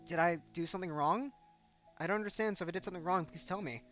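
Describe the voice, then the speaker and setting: A man's voice: sits high, fast talker, a bit bright, muffled recording, faint music behind. A man voicing a cheerful, eager teenage girl in a visual novel, bubbly and earnest. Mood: pleading.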